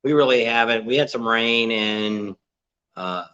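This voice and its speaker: A man's voice: mid-range voice, unhurried, pushed and bright, clean tone. An older man chatting casually on a livestream with his wife, joking, teasing and rambling on a dull, lo-fi recording. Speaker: co-host.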